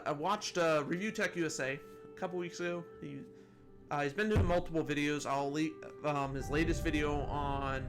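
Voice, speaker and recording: This man hosts a casual gaming commentary video in a fairly high, fairly bright voice. He rambles, restarting often and drifting into asides, and chuckles at his own jokes.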